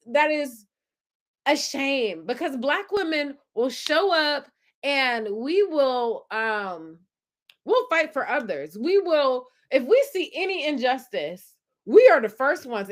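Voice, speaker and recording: A young adult woman hosts a casual live-stream chat as a podcast host, reading comments aloud and cheering the commenters on. Her voice is high-pitched and a little slow, her manner animated and affirming.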